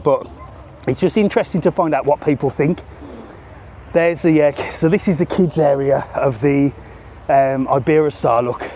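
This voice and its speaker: Guy filming a live walk on his phone, a bit high voiced, chatty, faint outdoor noise. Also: dark tone. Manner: chatty, banters with passers-by. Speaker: travel vlogger. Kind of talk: live walking vlog. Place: outdoors on a seafront promenade.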